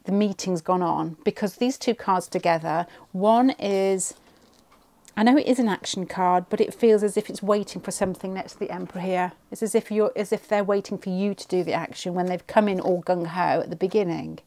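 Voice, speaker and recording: A woman's voice: fairly low pitch, fairly even intonation, fairly quick, warm tone. A woman giving a pick-a-card tarot reading at home, thinking aloud and rambling, often restarting her sentences.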